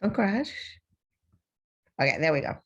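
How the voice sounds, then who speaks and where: A woman's voice: medium pitch, sing-song, unhurried, slightly rough, highs cut off. A woman with an Argentinian accent teaching a casual programming lesson, thinking aloud with many fillers. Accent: Argentinian Spanish. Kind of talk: casual screen-share coding lesson.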